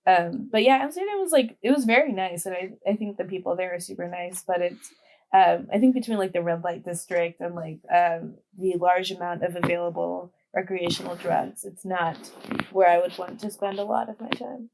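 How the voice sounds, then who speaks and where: A woman's voice: on the low side, moderate pace, vocal fry, a little mellow. Chatty young woman guest on a podcast. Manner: chatty, leans heavily on "like". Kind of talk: casual chat.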